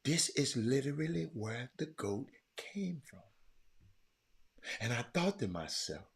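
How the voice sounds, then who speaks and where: A man hosting a casual sports commentary talk, telling a story animatedly and getting loud when he quotes others. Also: medium pitch, very animated, slow pace, creaky, breathy edge. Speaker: podcast host.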